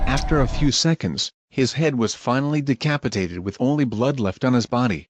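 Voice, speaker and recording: A man narrating scripted scene recaps in a plain, even manner. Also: medium pitch, brisk, few pauses, heavy background noise.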